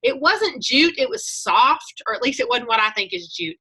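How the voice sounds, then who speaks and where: A woman's voice: fairly high pitch, animated, moderate pace, sharp tone, slightly rough. A woman, talking on a video call, telling chatty stories and acting out her own thoughts as she coaches a group.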